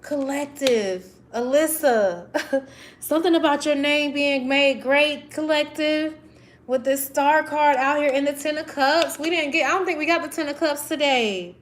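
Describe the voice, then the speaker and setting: A woman's voice: high-pitched, a little slow, slight background noise. A woman reading tarot cards on a livestream, talking effusively and getting emotional. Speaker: tarot reader.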